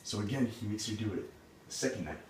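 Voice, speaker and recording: A man's voice: lowish voice, animated, quick pace. A man retelling a fairy tale in a casual, chatty way, peppered with "like". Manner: casual, full of "like" and "he's like". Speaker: storyteller. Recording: roomy, distant mic, background noise.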